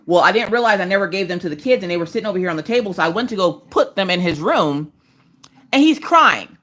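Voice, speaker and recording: A woman in her thirties talks fast in a lowish voice while hosting a crafting livestream from her couch at home. Her casual chat is packed with animated stories, and she does voices for the people she quotes.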